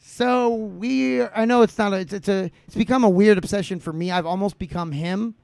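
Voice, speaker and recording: A man rants on his comedy podcast, swearing and tripping over his own restarts. His voice sits high and crackles with gravel. The recording is close and completely dry. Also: normal speed, darkish tone, no echo. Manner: ranting, profane, full of restarts. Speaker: podcast host. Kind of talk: casual comedic podcast rant.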